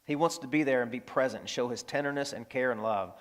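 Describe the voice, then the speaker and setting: A man preaching a sermon as pastor, animated, swinging from loud exclamations to hushed, tender lines. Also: medium pitch, quick pace.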